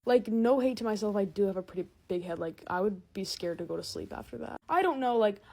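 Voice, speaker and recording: A young woman doing a sarcastic, exasperated comic monologue to a phone camera, swinging from loud outbursts to mumbled asides. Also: mid-range voice, animated, a little fast, few pauses. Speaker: comedy TikTok creator.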